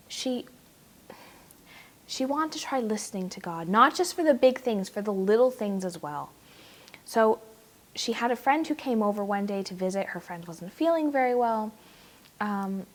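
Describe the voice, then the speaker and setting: A young adult woman, a guest preacher, giving a sermon and telling a story with animated, acted-out quotes. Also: mid-range voice. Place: church.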